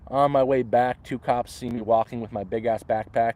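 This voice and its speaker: A man's voice: mid-range voice, fairly even intonation, normal speed, a little mellow. Canadian man, live vlog in the woods, rambly storyteller. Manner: rambling, restarts often, acts out voices in quotes. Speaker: livestreamer. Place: outdoors in the woods.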